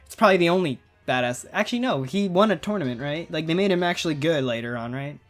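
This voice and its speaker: Talking at a quick pace, a gaming video creator in his twenties chats and rambles through a video game, laughing frequently in casual let's-play fashion. His voice is a little high and animated, with soft music in the background.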